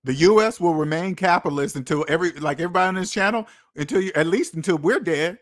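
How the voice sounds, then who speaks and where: Animated high-voiced man ranting casually. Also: fast talker. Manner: animated, incredulous, repeats lines for emphasis. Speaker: finance channel host. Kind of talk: casual livestream rant.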